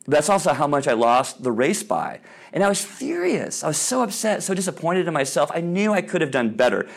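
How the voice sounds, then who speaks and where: Animated, expressive male storyteller. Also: on the high side, brisk, gravelly. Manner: animated storyteller, acts out quoted voices loudly; casual with frequent ums and restarts. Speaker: speaker on Christian sports parenting. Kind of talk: informal talk to parents.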